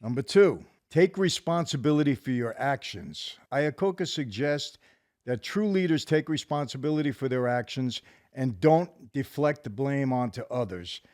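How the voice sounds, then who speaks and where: A man's voice: medium pitch, lively intonation, moderate pace, darkish tone, no room sound, studio quality. A man co-hosting a casual talk show, who agrees emphatically and tells stories in a matter-of-fact way. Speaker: co-host.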